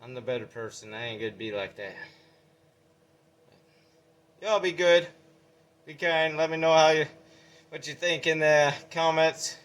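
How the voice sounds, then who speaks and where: A man's voice: a little high, a little slow, pauses often, a bit bright. A man filming a casual vlog update, out of breath and talking in a folksy, rambling way. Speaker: vlogger.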